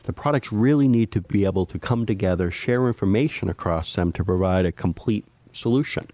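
A man speaks on a discussion panel in a very low, mellow voice. He lays out his points methodically, like an industry expert. The sound is dry and close. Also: a little fast, no room sound.

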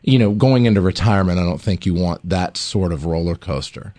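A man's voice: low-pitched, fairly quick, warm tone. A man co-hosting a radio advice show, explaining retirement savings in an easygoing way. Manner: explanatory, easygoing, laughs readily. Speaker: radio co-host, retirement planner.

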